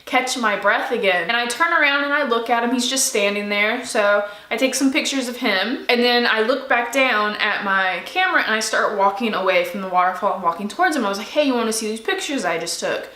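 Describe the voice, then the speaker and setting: A young woman vlogger excitedly telling a personal story to the camera in a chatty, animated way. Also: on the high side, fairly quick, few pauses, roomy sound.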